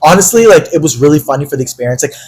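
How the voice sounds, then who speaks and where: Young guy cohosting a pod, slightly high voice, super animated storytelling, swears a lot. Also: very fast, slightly rough, low-quality recording. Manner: animated, dramatic quoted voices, swears freely. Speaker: podcast co-host. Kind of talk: casual storytelling.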